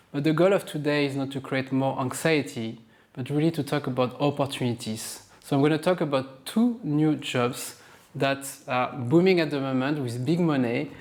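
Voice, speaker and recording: A middle-aged man with a French accent, chatty and self-mocking, explaining supply chain jobs in a casual educational talk. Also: fairly high pitch. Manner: upbeat, chatty, laughs at himself. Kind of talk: casual explainer while drawing on a board.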